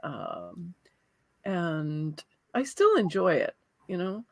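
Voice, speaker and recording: A woman voice actor chatting as an interview guest, her pitch swinging widely as she talks. She speaks slowly and affirms often. The sound is dry and close. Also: vocal fry, no echo. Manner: animated, quick to laugh and affirm. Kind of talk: casual interview chat.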